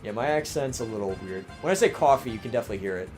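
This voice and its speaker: A man's voice: on the low side, expressive, rapid-fire, over music. A young man with a mixed Maryland, Southern and New York-New Jersey accent, casually chatting on a livestream and reading viewer comments. He rambles with lots of restarts and fillers, his voice a little strained. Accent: mix of Maryland, Southern and New York-New Jersey. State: voice starting to strain. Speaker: livestream host.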